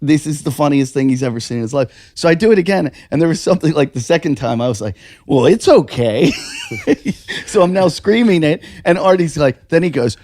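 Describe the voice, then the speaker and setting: Fields: Sex: man. Role: podcast co-host. Style: animated storytelling. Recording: dry, close mic. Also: fairly high pitch, a little fast, dry recording. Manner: animated, swearing, acts out quotes. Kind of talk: casual chat, storytelling.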